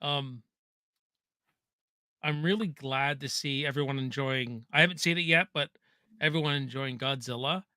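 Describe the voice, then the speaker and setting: A Canadian man hosts a live watch-party, reading viewers' chat questions aloud and chatting in a casual, joking way. His mid-range voice is bright, forceful and smooth, at a moderate pace with long pauses, recorded with studio quality and no room sound.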